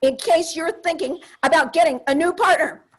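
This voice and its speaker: A woman's voice: very high-pitched, fairly quick. An older woman performing a comedic solo stage monologue, wry and confiding, with punchy asides.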